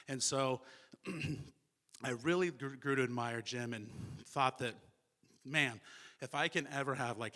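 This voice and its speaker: Man at a memorial service, heartfelt eulogy, bright clear tone, mid pitch. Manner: heartfelt, acts out remembered dialogue. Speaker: eulogy speaker. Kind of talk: memorial speech.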